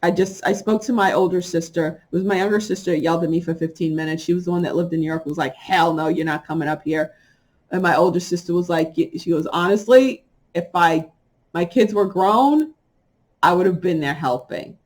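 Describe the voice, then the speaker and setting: A woman's voice: fairly low pitch, a little mellow. Middle-aged woman ranting to her viewers, punchy and worked up, laughs here and there. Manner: emphatic, indignant, quick bursts with laughs. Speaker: spiritual vlogger. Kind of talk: casual monologue to viewers.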